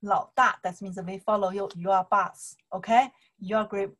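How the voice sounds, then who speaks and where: A woman's voice: mid-range voice, fairly even intonation, moderate pace. Chinese woman teaching in simple English. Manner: repeats phrases, simple broken English. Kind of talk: explaining to camera.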